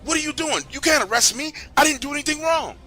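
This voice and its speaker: A man playing an arrested man, frantic, squealing high, bright tone. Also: lively intonation, fast talker, faint music behind, exaggerated voice. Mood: panicked. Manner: frantic high-pitched pleading. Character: panicked man being arrested, protesting.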